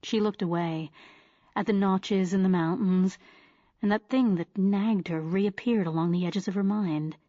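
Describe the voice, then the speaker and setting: A woman narrating a thriller audiobook in a steady, measured storytelling way. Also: medium pitch, no room sound, muffled recording. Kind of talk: scripted narration.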